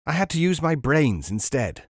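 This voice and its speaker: Raising his pitch above his own natural voice, a man plays a breezy, knowing, worldly market dealer with a shrewd streak. The performance is fairly high and very animated at a moderate pace, recorded with studio quality and no echo.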